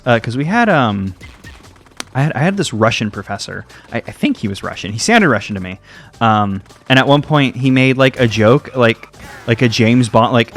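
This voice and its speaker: A young American man giving casual, rambling commentary over a video game, full of fillers and side stories. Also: medium pitch. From United States. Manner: rambling, tangent-prone, heavy on fillers. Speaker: let's play host.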